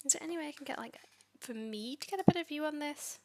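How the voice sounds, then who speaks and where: A woman vlogger narrating her coding session, talking back at the software in exasperation. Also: high-pitched, expressive, fast. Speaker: tech vlogger. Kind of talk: screen-recorded coding commentary.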